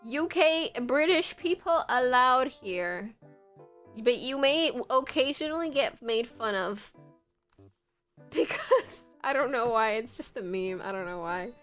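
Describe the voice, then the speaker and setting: A woman's voice: a little high, expressive, slow pace, a bit bright, faint music behind. A young woman hosting a livestream, chatting with viewers in a rambling, giggly way full of "like". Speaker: livestream host. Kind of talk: casual chat with viewers.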